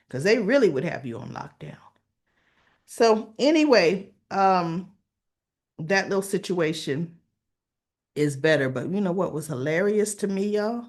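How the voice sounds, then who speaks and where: A woman recapping a soap opera episode in casual chat, acting out the characters' lines and adding her own asides. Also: mid-range voice. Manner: chatty, retells scenes with quoted voices and asides.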